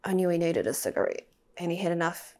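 A woman's voice: on the low side, expressive, quick pace, dark tone. A woman telling a personal story as a podcast guest, candid and emotional, swearing and sometimes dropping to a near-whisper.

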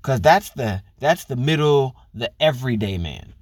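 A relationship commentator with a mid-range, animated voice delivers a blunt, profane casual monologue at normal speed. He lectures straight to women listeners with pointed rhetorical questions. The studio sound is clean, with no echo.

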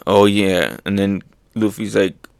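Man, young adult, excitable, comic chapter reaction, slow pace, dry sound. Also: fairly low pitch, vocal fry, clean tone, no room sound. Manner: excitable, laughing often, sound effects.

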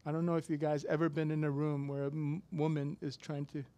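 A man preaching a sermon, telling a personal story casually with sudden loud, emphatic bursts. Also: a little high, completely flat delivery, fairly quick. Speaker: pastor.

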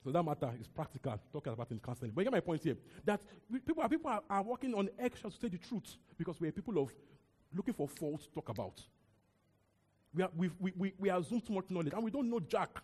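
A young man with a Nigerian accent preaching a sermon, talking in an animated, conversational way with repeated words and asides. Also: high-pitched, fast talker, husky. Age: young adult. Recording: long hall reverb.

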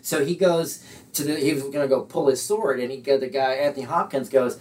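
A man's voice: medium pitch, brisk, a little mellow. A man who is a guest on a podcast, telling rambling anecdotes and often checking in with "okay?". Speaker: interview guest. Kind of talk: casual storytelling in an interview. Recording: distant mic, room sound.

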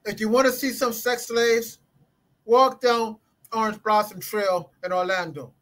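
Emphatic interview guest, man, high voice, preaching cadence. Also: steady tone, measured pace, a bit bright, low-quality recording. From United States. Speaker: guest scholar. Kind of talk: impassioned interview talk. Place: Orlando.

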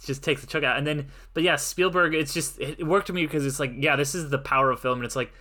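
Bright-voiced man reviewing films casually. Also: a little high, quick pace. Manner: rambling, restarts often. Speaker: podcast co-host. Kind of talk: casual film review chat.

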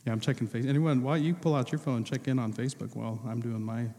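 Playful pastor in a reverberant church. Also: male voice, mid-range voice, steady tone, quick pace, warm tone. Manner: playful, joking with the congregation. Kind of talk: casual talk from the pulpit, movie-quote quiz. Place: large church hall. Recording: long hall reverb.

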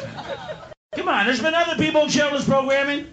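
A man doing a live stand-up routine, ranting and swearing, slipping into gruff low voices for his characters. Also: brisk, dull audio. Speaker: stand-up comedian. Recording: echoey live club with crowd noise. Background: audience laughter.

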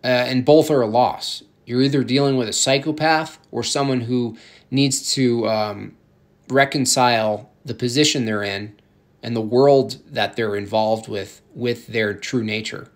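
A man ranting provocatively in a casual comedic podcast style, rambling with halting restarts. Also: mid-range voice, fairly even intonation.

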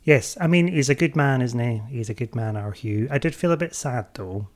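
A man's voice: mid-range voice, moderate pace. A man with a soothing, lilting Scottish accent, co-hosting a casual film review chat in a playful, chatty way. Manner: chatty, playful, bursts into mock shouting. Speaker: podcast co-host.

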